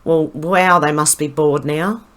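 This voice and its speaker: A woman's voice: deep voice, fairly even intonation, measured pace. A woman with an Australian accent, commenting on news posts in a casual, scornful way, with frequent ums and restarts. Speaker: commentary vlogger.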